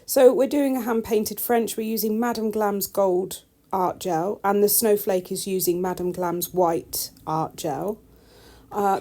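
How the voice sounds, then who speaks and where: A woman's voice: lowish voice, gravelly, dark tone. A woman, a nail technician, chatting casually over her tutorial with wry, self-deprecating asides.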